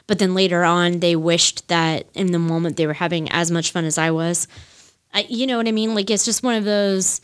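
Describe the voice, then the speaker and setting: In her solo music podcast, a woman in her thirties chats casually, rambles, fills gaps with fillers and throws in an occasional swear as she gushes. Her voice is lowish, smooth and steady, at normal speed.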